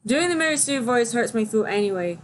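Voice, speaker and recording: A woman's voice: fairly high pitch, expressive, a little fast, a little hiss or hum. A young woman hosting a casual livestream, chatting and reading viewer questions aloud. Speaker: livestream host.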